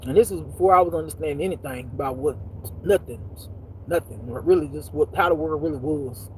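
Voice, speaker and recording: A woman telling a personal story as a spiritual life teacher, in a blunt, profane, animated way that swings between loud and hushed. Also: low voice, a little fast, a little hiss or hum. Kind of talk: casual storytelling monologue.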